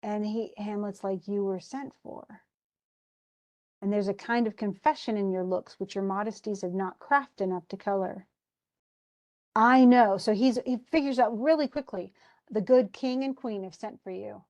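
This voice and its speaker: Woman teacher, casual, paraphrases a play's lines in loose everyday speech, mid-pitched. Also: normal speed, mellow. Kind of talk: casual lesson, retelling a play.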